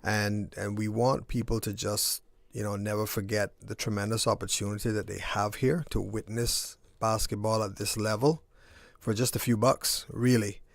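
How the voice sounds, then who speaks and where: A man who organizes a basketball tournament, a guest on a radio sports show, talking with halting starts and repeated words. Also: fairly low pitch, little pitch movement, vocal fry, no echo.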